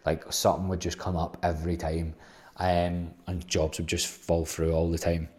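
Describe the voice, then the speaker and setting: Casting: young guy, deep even voice, blunt sweary storyteller. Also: moderate pace. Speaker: host. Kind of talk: casual storytelling monologue.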